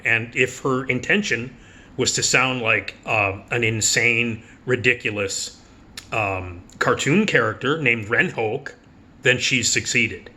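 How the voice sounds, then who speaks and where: Blunt, profane man with a bright voice. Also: medium pitch. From United States. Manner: does quick mocking impressions. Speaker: film critic. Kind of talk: casual movie preview monologue.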